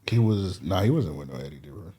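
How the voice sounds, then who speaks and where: Low-voiced guy telling a story on a podcast, laughs a lot, curses a bunch. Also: animated, quick pace, dark tone. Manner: rambling storyteller, swears freely, laughs while telling. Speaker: podcast co-host. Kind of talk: casual chat.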